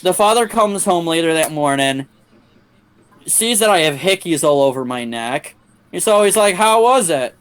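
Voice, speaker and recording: A young man on a game stream tells a long anecdote, full of profanity and restarts. His voice sits a little higher than most men's. He talks loosely and crudely, doubling back on his words as he goes. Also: expressive, moderate pace, clear, resonant tone. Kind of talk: casual storytelling on a game stream.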